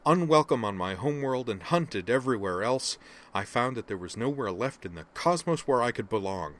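A man voicing a female Vulcan officer in an audiobook reading, her voice low, monotone and almost mechanical, measured and controlled. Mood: angry. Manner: measured, rising into savage anger.

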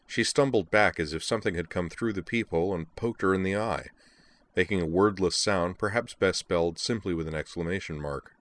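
A man narrates a story aloud in a very low voice, reading line by line in a steady, even way with a deep, grounded tone.

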